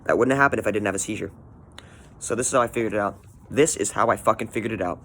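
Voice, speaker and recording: A man's voice: on the low side, racing, a bit bright. A man in his twenties bluntly telling a personal story, swearing often. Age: 20s. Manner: blunt, profane, candid storytelling. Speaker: vlogger.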